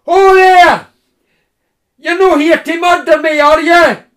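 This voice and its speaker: A man voicing a big, bearded, jovial male tree surgeon with a Scottish accent, loud and teasing. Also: very high voice, unhurried, pitched above the performer's own voice. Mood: bellowing.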